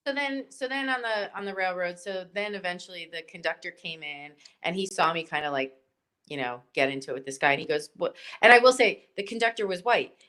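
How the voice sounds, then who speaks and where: Bright, animated woman telling stories. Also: lowish voice, a little fast, smooth. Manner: animated, rambling, many likes and ums. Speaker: guest. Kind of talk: casual storytelling chat.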